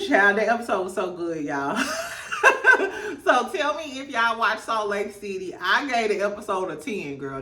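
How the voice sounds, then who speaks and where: A woman's voice: on the high side, a bit bright, echoey room, far from the mic. A woman hosting a casual reality TV recap, laughing a lot and acting out the cast members' lines in voices.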